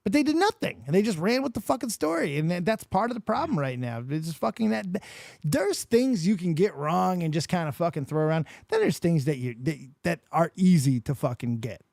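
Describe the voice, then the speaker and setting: A man's voice: high-pitched, big pitch swings, fairly quick, vocal fry, a little mellow, no echo, clean studio sound. A man hosting a podcast, ranting in a casual, profane way as he chats. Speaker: podcast host. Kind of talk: casual chat.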